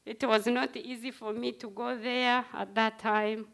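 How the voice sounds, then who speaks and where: A middle-aged woman giving a personal testimony at a commemoration, speaking in short, halting phrases. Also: a little high, level tone, gravelly, fairly bright tone. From Rwanda.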